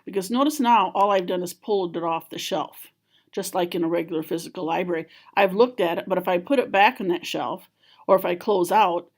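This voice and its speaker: A school library trainer's approach comes through as this woman, her voice fairly low, narrates a screen-recorded software tutorial. Each step, click and menu gets a calm, plain explanation.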